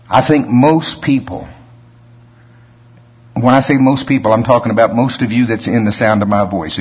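Husky-voiced preacher, man. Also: lowish voice. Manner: conversational, storytelling preaching with asides and chuckles. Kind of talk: sermon. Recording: dull lo-fi sermon recording.

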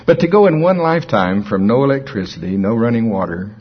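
A man's voice: mid-range voice, expressive, a little fast, breathy edge. A man in his sixties preaching a sermon in a folksy, storytelling manner. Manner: folksy, storytelling, chuckles at his own jokes. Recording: dull lo-fi recording.

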